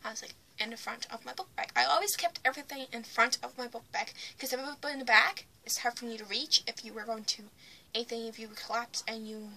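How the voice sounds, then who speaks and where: A young woman talks to her camera in a bright, fairly high voice, retelling a personal story in a blunt, plain way. She often sinks into a whisper and then comes back loud. A faint hum of room noise sits behind her. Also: fairly even intonation, quick pace. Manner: blunt, retelling with swings in loudness. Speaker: vlogger.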